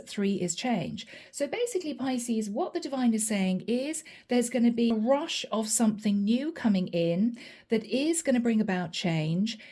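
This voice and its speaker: Casting: middle-aged woman, fairly high but mellow voice, chatty reader speaking to camera. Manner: chatty, repeatedly addresses the listener by sign. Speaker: tarot reader. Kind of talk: channeled reading to camera.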